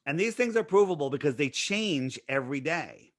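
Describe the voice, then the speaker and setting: A man as an interview guest, explaining his views in conversation and pressing his points with rapid-fire rhetorical questions. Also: on the high side, animated, no echo, clean studio sound.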